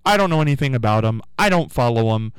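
A man hosting a radio show, telling a rambling story with animated asides in a casual on-air monologue. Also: mid-range voice, quick pace, clean tone, dry recording, rough recording.

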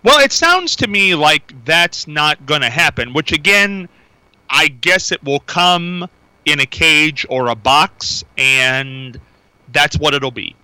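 A man's voice: a little high, expressive, slow pace, pushed and bright, clear, resonant tone, dry recording, rough recording. A man hosting a call-in radio show, chatty and rambling with fillers. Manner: chatty, rambling with fillers, repeats phone number. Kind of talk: casual call-in radio talk.

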